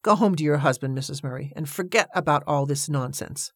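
Narrator doing a gruff, stubborn old boatman. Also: mid-range voice, brisk, no echo, clean studio sound. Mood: stern. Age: older. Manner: curt, flat refusals. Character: gruff older male boatman, stubborn and blunt.

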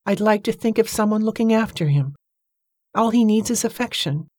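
A woman reading the part of a gentle, wealthy older woman who speaks softly and fondly. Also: medium pitch, lively intonation, moderate pace, no room sound, clean studio sound, pitched above the performer's own voice, natural voice. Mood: wistful. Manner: soft, fond, motherly.

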